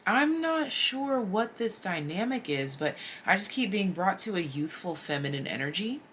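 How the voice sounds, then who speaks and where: A woman giving a casual, chatty tarot reading straight to her viewers, animated and slangy. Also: medium pitch, normal speed, slight background noise. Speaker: tarot reader.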